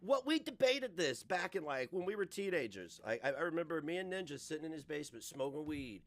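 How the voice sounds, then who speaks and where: A man's voice: fairly high pitch, a little fast. A man hosting a reaction show, ranting and joking with lots of cursing and frequent laughter. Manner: profane, laughs often, animated. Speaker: host.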